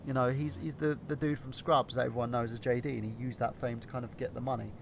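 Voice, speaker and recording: Gravelly man, noisy casual podcast. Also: mid-range voice, little pitch movement, fast talker. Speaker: podcast co-host. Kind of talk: casual banter.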